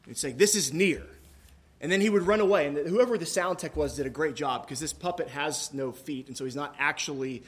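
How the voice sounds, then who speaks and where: A man preaching a sermon in a church, reading scripture and then talking in a relaxed, conversational way with joking asides and a few fillers. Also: on the high side, a little fast, hardly any pauses. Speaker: pastor.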